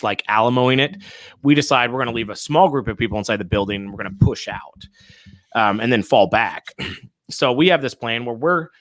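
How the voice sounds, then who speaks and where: A man talking through a story at an easy, middling pitch, with ums and restarts scattered through his telling. His voice sits close and dry on the mic, with no room sound around it. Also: no echo. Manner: relaxed, rambling recap with fillers. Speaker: podcast host. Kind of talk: casual storytelling chat.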